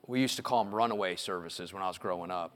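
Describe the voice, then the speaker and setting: Middle-aged pastor, clear bright tone, storytelling sermon in a church sanctuary. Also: male voice, low voice, fast talker, soft background music. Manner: storytelling, building to loud impassioned preaching.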